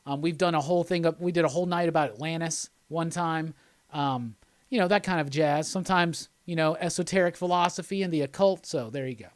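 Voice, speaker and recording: A man's voice: a little high, fairly quick, no echo. A man hosting a live stream, chatting casually in a loose, rambling, jokey way and reading out viewer comments.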